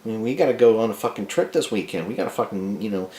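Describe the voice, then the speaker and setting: A woman's voice: extremely low pitch, fairly quick, roomy sound. A man playing a sneering, spiteful wife. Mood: contemptuous. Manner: sneering, profane, bullying. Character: nagging, spiteful, greedy young wife.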